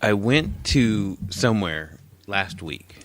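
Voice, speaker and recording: A man's voice: lowish voice, lively intonation, slow, fairly bright tone, a little hiss or hum. A man in his forties co-hosting a casual podcast, telling stories animatedly, swearing freely and acting out quotes. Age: 40s. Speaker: podcast co-host. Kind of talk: casual chat.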